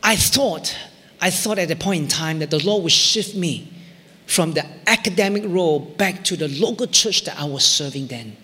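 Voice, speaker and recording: A middle-aged male pastor preaching a sermon, telling a personal story with swings from near shouts to whispers. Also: fairly high pitch, lively intonation, moderate pace, in a large hall. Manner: emotional storytelling, rising to near shouts in retold prayers, dropping to whispers.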